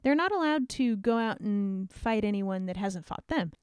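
A woman podcast host narrating an old story in a lively, slangy, conversational way. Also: medium pitch, normal speed, clear, resonant tone, no echo, clean studio sound.

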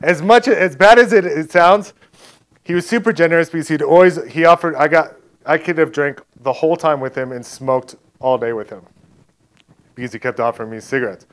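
Guy preaching a casual testimony, kinda high voice, chuckles a lot. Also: fairly quick. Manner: casual storytelling, laughs often. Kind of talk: conversational sermon testimony.

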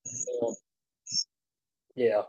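A man's voice: extremely slow, warm tone, dull audio. A man co-hosting a casual chat over a video call, blunt and swearing as he rambles. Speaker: podcast co-host.

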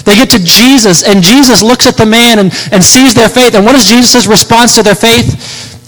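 A man preaching a sermon, expounding scripture with rhetorical questions and slowing down to stress key words. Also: very high voice, a bit bright. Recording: long hall reverb.

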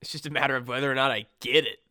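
A man's voice: medium pitch, steady tone, rapid-fire, bright, forceful tone, no echo, clean studio sound. A young man from Iowa hosting a casual podcast chat, ranting with constant swearing and restarts. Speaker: podcast host.

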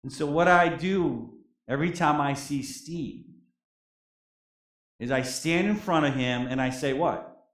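Slow, emphatic preaching man. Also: fairly high pitch. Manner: emphatic preaching that swings between loud declarations and soft, quiet drops. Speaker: prison chaplain and preacher. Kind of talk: sermon. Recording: echoey room.

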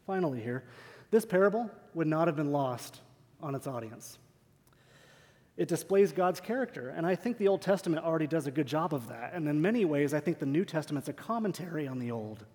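Earnest preacher in a reverberant hall. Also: male voice, fairly high pitch, lively intonation, a little fast, darkish tone. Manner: earnest, emphatic, rhetorical questions. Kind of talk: sermon. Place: church sanctuary.

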